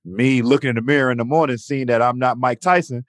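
A man's voice: mid-range voice, fast, dry recording, clean studio sound. A man in his thirties from Atlanta, talking reflectively as a guest and often adding "you know". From Atlanta, USA. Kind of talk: casual conversation.

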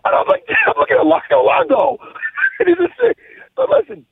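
High, gravelly man telling stories on a tinny line. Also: normal speed, no room sound. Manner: animated, profane storyteller who laughs at his own story. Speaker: podcast co-host. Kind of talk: casual storytelling chat. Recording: tinny, phone-like dry sound.

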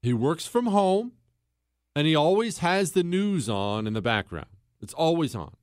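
Male podcast host, slightly higher voice, argumentative monologue with rhetorical questions, dry sound. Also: very animated, a little slow, a little mellow, no room sound. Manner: storytelling with acted quotes, rhetorical questions. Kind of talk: opinionated monologue.

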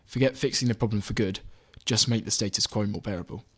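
Low-voiced man reading his article. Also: fast talker, husky. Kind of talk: scripted narration.

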